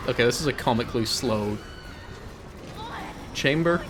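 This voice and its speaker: A man's voice: mid-range voice, normal speed, noisy background. A man streaming a horror game live, cracking jokes, swearing and hamming up his reactions. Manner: jokey, swears, loud over-the-top reactions. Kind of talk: live gameplay commentary.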